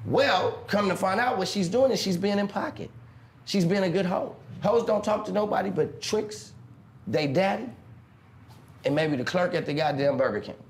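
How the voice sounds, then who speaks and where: In an interview clip played on a stream, a pimp tells animated stories full of swearing, acting out other people's voices. His voice sits high and lively at a moderate pace, and the sound is roomy with a slight hiss or hum.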